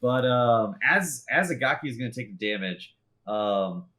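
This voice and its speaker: A man's voice: medium pitch, lively intonation, normal speed, pushed and bright. A man running a tabletop game as game master, narrating loosely with lots of fillers and laughs.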